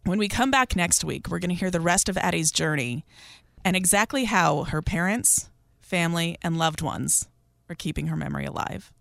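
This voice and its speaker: Host with a gravelly voice signing off. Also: medium pitch, normal speed, fairly bright tone, dry recording, studio quality. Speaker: podcast host. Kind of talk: closing an interview segment.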